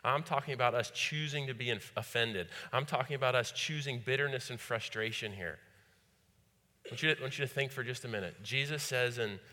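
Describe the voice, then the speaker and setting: A pastor with a mid-range voice preaches a sermon at a fairly quick clip and a sharp tone, with a long hall reverb around him. He repeats phrases and poses rhetorical questions to the congregation.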